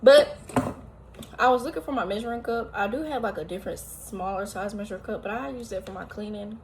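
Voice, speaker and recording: A woman chatting casually as she cooks at home, tired and a little out of breath, talking at length with sudden loud exclamations. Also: mid-range voice, fairly quick, a little hiss or hum. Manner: talkative, animated, often exclaiming. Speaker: home cooking vlogger. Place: home kitchen, indoors.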